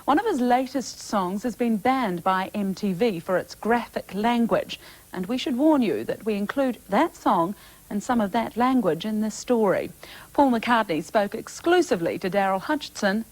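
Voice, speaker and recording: A woman presenting a scripted news introduction with a measured, formal delivery. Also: mid-range voice, lively intonation, poor audio.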